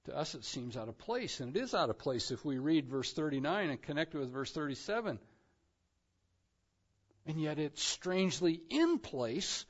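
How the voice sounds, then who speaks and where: Pastor guy preaching, goes quiet then big and emphatic, kinda high voice, muffled lo-fi sound. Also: sing-song, normal speed. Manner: emphatic, swings from hushed to soaring. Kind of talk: expository sermon.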